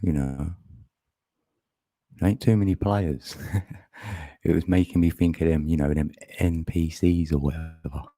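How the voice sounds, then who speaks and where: A man's voice: rumbling low, steady tone, a little slow, pauses often, mellow, no room sound. A man chatting casually on a live stream, laughing often and greeting viewers by name.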